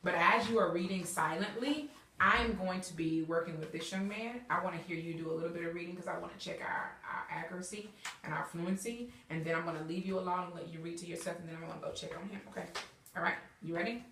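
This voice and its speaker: A woman teacher guides young readers through classroom instruction, encouraging them and often checking in with "okay?" and "all right?" Her voice is fairly low, quick and sharp, picked up by a distant mic in a roomy classroom with slight hiss or hum.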